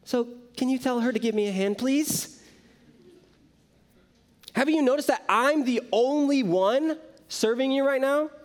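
A man's voice: high-pitched, big pitch swings, brisk, few pauses, darkish tone, pitched above the performer's own voice. A man voicing a frustrated, overworked woman host, moving between strained politeness and exasperation. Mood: exasperated.

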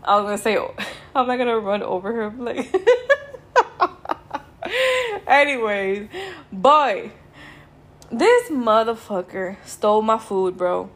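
A woman's voice: a little high, sing-song, slow, pauses often. A young woman, hosting a podcast and telling a story in casual, sweary, laid-back speech that drags with tiredness. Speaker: podcast host.

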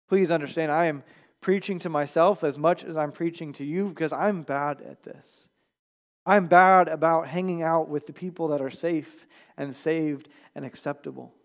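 A male pastor giving a Sunday sermon in a conversational manner, dropping quiet at the ends of phrases. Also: on the high side, vocal fry. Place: church.

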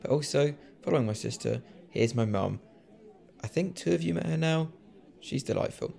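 Man, podcast host, mellow, dark tone, jokey casual chat. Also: on the high side, lively intonation, moderate pace, creaky. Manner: jokey, self-mocking, introduces clips.

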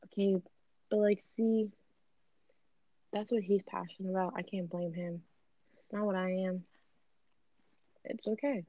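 A woman's voice: mid-range voice, fairly even intonation, unhurried, pauses often, no room sound. A young woman co-hosting a casual podcast chat, easygoing and hesitant, talking through earbuds. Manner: easygoing, hesitant, filler-heavy. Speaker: podcast co-host. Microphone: AirPods. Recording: dull, dry earbud mic sound.

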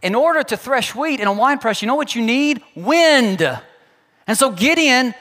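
A man's voice: very high-pitched, normal speed, in a large hall. A man preaching a sermon, acting out quotes in changing voices. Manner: animated, acts out quotes in voices. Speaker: pastor.

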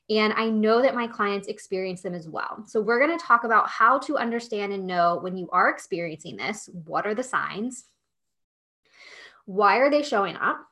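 A woman's voice: medium pitch, a bit bright. A woman hosting a solo podcast, coaching business owners in a chatty, emphatic way with lots of "like" and "okay?".

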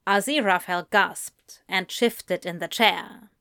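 A woman reading romance fan fiction aloud in slow, gentle narration. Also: medium pitch, no echo, clean studio sound. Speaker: audiobook reader.

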